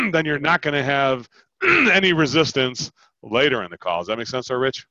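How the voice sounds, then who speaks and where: A man's voice: mid-range voice, normal speed, no room sound. A man coaching a caller on sales, acting out both sides of the conversation. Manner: animated, acts out both sides of a sales call. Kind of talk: coaching call, role-playing sales talk. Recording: dull lo-fi call audio.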